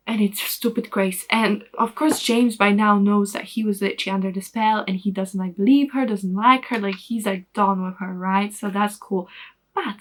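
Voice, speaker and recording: A woman's voice: a little high, normal speed, fairly bright tone. A woman giving a casual, rambling spoiler recap of a book in a vlog, full of fillers and the odd swear word. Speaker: book vlogger.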